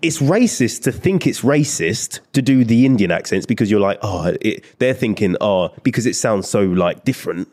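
A man's voice: medium pitch, animated, moderate pace, few pauses, darkish tone. Laughing young man telling stories. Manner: rambling storyteller, laughs a lot. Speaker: podcast co-host. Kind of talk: casual chat.

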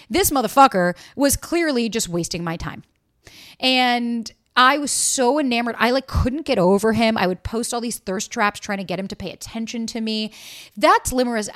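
A young woman hosting a podcast, telling a personal dating story in a candid, profane way and acting out quoted lines in lively voices. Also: on the high side, fairly quick. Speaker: podcast host. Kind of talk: casual storytelling monologue.

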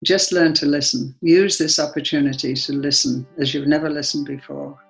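Gravelly-voiced Englishwoman telling a story. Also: low voice, moderate pace, faint music behind, low-quality recording. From England. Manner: earnest, lively storyteller. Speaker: guest. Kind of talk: personal storytelling and prayer.

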